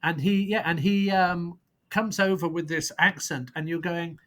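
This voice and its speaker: A man's voice: a little high, steady tone, a little slow, a loud crowd. A man speaking as a podcast guest, who rambles and searches for words before landing on blunt, scornful verdicts. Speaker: guest prosecutor on a film podcast. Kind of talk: casual podcast debate.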